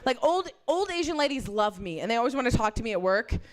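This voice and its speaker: A woman performing a stand-up comedy set on a club stage with a handheld mic, brash and profane, dropping into lowered voices to act out other people. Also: sing-song, fast, a little hiss or hum.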